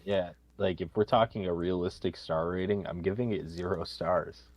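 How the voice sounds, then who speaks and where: A man's voice: low-pitched, steady tone, moderate pace, a little mellow, no room sound. A man co-hosting a casual podcast, blunt and casual, with lots of "like" and "dude". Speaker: podcast co-host. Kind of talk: casual chat.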